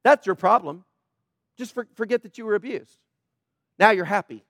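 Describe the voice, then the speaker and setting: High-voiced male pastor, dry sound. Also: expressive, normal speed, dry recording. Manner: conversational and sarcastic, dropping into quiet asides. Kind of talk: sermon.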